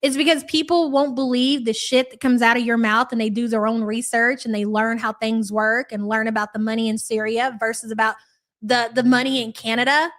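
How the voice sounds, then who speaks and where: The woman running this live reaction stream is sarcastic, pausing to read messages from her chat. She speaks briskly, her fairly high, slightly bright voice keeping fairly even intonation.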